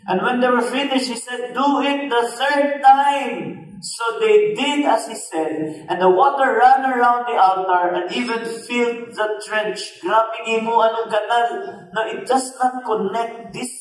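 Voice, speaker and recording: A man with a Cebuano Filipino accent preaching a sermon, mixing English and Cebuano and telling a story with lively asides to the congregation. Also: very high voice, a little slow. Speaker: pastor. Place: church service in a hall. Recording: echoey hall from a distant mic.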